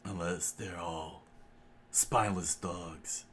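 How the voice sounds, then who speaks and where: A stern old head chef speaks slowly and quietly in a low, gruff voice, as a man reading the story puts him on. He stays calm and unhurried. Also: slight background noise.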